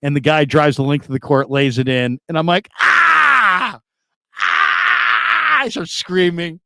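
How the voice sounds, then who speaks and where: A man's voice: on the high side, a little fast, very noisy. A man hosting sports talk radio, reading listener comments in a loose, rambling way with plenty of laughs and repeated phrases.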